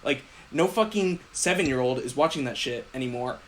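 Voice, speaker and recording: A man's voice: medium pitch, animated, a little fast, slight background noise. A man co-hosting a podcast, arguing about a film in a blunt, teasing, profane way. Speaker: podcast co-host. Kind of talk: casual film debate.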